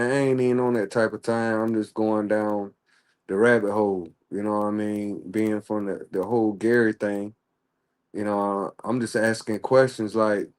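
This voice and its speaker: A man ranting in casual livestream commentary, heated and profane. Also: on the low side. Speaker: streamer.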